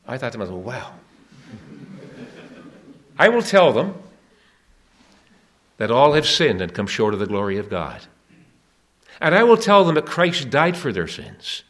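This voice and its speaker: A man's voice: fairly low pitch, expressive, moderate pace, fairly bright tone. A man preaching an evangelistic sermon at a church meeting, earnest and urging, with emphatic questions to the listeners.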